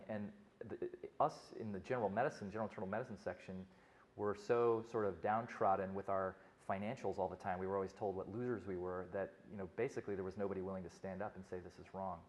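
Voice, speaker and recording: A middle-aged male physician giving a conference talk, telling stories conversationally with frequent restarts. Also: fairly low pitch.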